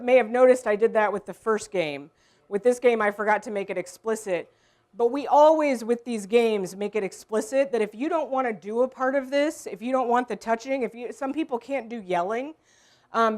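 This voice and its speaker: Woman leading an improv workshop. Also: on the high side. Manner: relaxed, explaining with many ums. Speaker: workshop leader. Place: room with a group.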